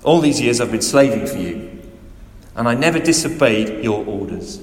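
A man's voice: mid-range voice, moderate pace, creaky, lightly acted. A male preacher voicing a resentful, dutiful older brother who complains bitterly, with echoey hall reverb.

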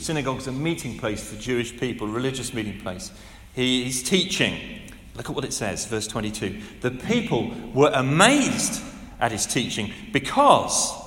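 Animated preacher in an echoey hall. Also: male voice, mid-range voice, a little hiss or hum. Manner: animated, conversational, with asides and rhetorical questions. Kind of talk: sermon. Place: large church hall. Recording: echoey hall with long reverb.

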